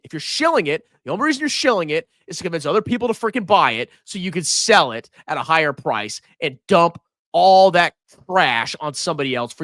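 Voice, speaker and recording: A man hosting a finance livestream, ranting and mocking in an animated voice that swings between loud outbursts and mutters. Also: on the high side, no echo, studio quality. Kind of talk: livestream rant and stock commentary.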